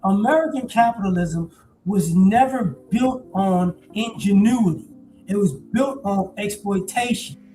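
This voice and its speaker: A man in his forties giving a blunt, profane, animated casual monologue. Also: sits high, unhurried, soft background music, rough recording. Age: 40s. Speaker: commentator.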